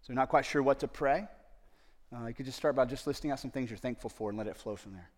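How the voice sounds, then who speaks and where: A male pastor with a mid-pitched voice delivers a sermon as if chatting with his congregation. He uses plenty of casual fillers and pushes his voice up sharply to stress key phrases. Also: quick pace. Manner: informal, many fillers, emphatic rises on key phrases. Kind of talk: conversational sermon.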